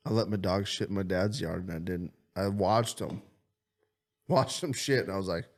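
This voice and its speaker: A man with a low, gravelly voice cracking sarcastic, crude jokes as a podcast co-host. He talks casually into a studio mic. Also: moderate pace. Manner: joking, swearing, sarcastic.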